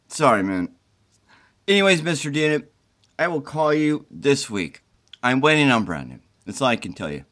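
A man's voice: medium pitch, very animated, normal speed, fairly bright tone. A middle-aged man, sick with the flu and tired, making a rambling, profane plea straight to camera from his mother's home. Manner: profane, pleading, agitated. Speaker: self-recording video poster.

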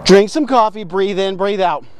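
Fervent high-voiced man preaching. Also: normal speed, slight background noise. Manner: fervent, preachy, asks and answers his own questions; rises to shouting with passion. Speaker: devotional host. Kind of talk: energetic video devotional sermon.

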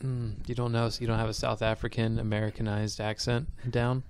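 A man's voice: lowish voice, little pitch movement, fairly quick, darkish tone, smooth, no room sound. A man guesting on an improv comedy podcast, tossing in wry, dry one-liners. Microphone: studio microphone.

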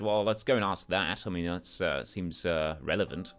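A man's voice: low voice, normal speed, clean tone, soft background music. Laid-back guy playing a game. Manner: relaxed, chuckling asides. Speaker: let's play host. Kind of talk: casual gameplay commentary with read-aloud dialogue.

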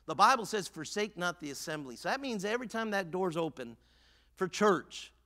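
A man's voice: sits high, big pitch swings, moderate pace, bright, forceful tone, in a large hall. A man preaching a fervent sermon as pastor in a church, now and then acting out the imagined voices of his listeners. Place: church sanctuary.

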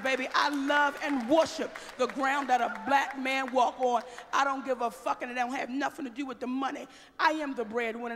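Brash gravelly woman doing stand-up. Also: high voice, slight background noise. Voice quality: brash, profane, shouts punchlines. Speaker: stand-up comedian. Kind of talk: live stand-up set. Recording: live stage show in a large hall with a loud audience.

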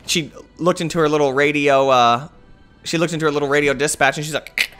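A man's voice: a little high, steady tone, brisk, fairly bright tone, clean tone, faint music behind. A young man telling a rambling story in a laid-back, casual way, full of "like" and "uh", while playing a game. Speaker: gaming video host. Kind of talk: casual gameplay commentary and storytime.

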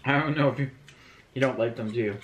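Very low-voiced woman hosting a tasting. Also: fast talker. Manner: enthusiastic, reads out labels. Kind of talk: casual snack-tasting chat. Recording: echoey room with faint noise.

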